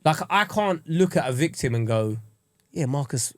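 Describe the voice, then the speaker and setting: A man's voice: fairly high pitch, moderate pace, dry recording, clean studio sound. A man, chatting crudely and jokily as a podcast co-host. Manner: crude, animated, jokey. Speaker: comedian co-host. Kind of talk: casual podcast chat.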